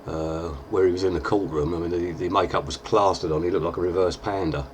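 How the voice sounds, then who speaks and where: A deep-voiced man, chatting casually through a makeup tutorial with plenty of fillers. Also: steady tone, fairly quick, a little hiss or hum. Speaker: lookalike performer giving a tutorial.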